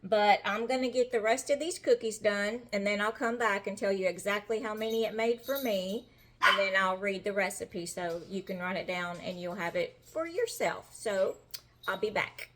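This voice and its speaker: A woman's voice: medium pitch, fairly bright tone. A middle-aged woman with a Southern American accent, chatting in a homey, folksy way as she bakes in her home kitchen. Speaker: home-cooking vlogger. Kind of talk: casual cooking demonstration.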